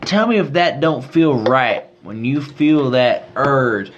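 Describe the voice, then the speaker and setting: A man's voice: medium pitch, animated, slow. Rambling man with a mock good-ol'-boy drawl. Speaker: podcast co-host. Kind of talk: comedic podcast banter. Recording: slightly dull recording with faint noise.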